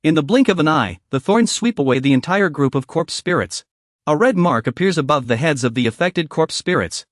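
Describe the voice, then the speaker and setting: A man's voice: a little high, animated, fairly quick, no echo, studio quality. A man narrating a story recap in a scripted, dramatic storytelling voice.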